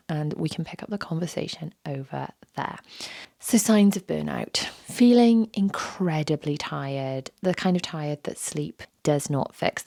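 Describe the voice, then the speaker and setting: A British woman talks through her own podcast while nursing a sore throat, her low voice hoarse and scratchy with plenty of gravel. She chats casually and slips into a whisper when her voice gives out. The sound is close and dry. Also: a little mellow, no room sound. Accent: British English. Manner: chatty, breaks into whispers on a failing voice. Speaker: podcast host; mother. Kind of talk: casual solo podcast talk.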